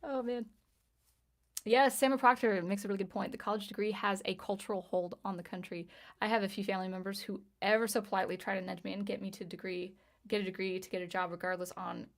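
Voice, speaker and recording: A woman in her thirties chatting casually on a livestream as she reads viewer comments, talking in a halting way with frequent restarts. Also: mid-range voice, a bit bright. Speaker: livestream host, music teacher and composer.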